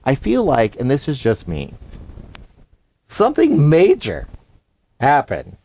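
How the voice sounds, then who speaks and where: A man co-hosts a casual podcast, reading articles aloud and chatting between them. His pitch swings widely as he talks, though it sits in the middle range. The sound is dry and close to the mic. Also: slow, dry recording. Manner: animated, reads articles aloud. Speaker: podcast co-host. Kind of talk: casual chat.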